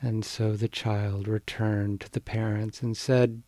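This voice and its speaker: A man reading a bedtime story aloud in a gentle, unhurried storytelling manner. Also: lowish voice, level tone, no echo.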